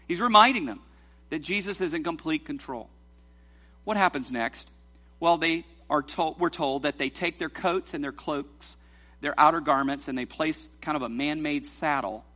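A pastor with a bright, somewhat high voice preaches animatedly in a church sanctuary. He draws out scripture slowly, then becomes light and teasing while coaching the congregation through a responsive reading.

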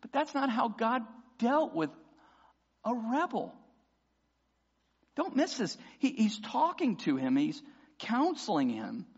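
A man's voice: very high-pitched, big pitch swings, slow, long pauses, husky. Impassioned man preaching in a reverberant hall. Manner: impassioned preaching, voices imagined prayers loudly. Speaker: pastor. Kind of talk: sermon. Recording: dull sound with long hall reverb.

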